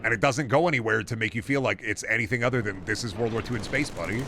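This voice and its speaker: A man's voice: fairly low pitch, fast, sharp tone, a little hiss or hum. A man streaming a video game, rambling in casual, profane, jokey commentary. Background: game music and sound.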